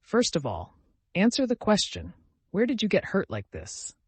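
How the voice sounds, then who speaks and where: Lively, bossy invalid girl for an audiobook, read by a man, dry close sound. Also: breathy edge, dry recording, exaggerated voice. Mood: imperious. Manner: commanding, quick and high-strung. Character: sickly, capricious teenage girl, imperious and excitable. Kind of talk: audiobook character reading.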